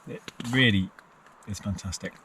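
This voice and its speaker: A man talks casually from inside a small tent, often slipping into a fond, sing-song voice for his dog. He sits a little back from the mic, and steady outdoor noise runs clearly under his voice. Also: fairly low pitch, moderate pace, distant mic, rough recording. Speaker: vlogger. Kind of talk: casual camping vlog. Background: rain and outdoor noise.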